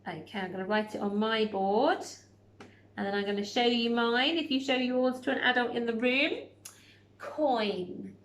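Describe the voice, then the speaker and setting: A woman teaching a recorded phonics lesson. She sounds out each word slowly and clearly and gives warm encouragement. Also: fairly high pitch, echoey room, a little hiss or hum.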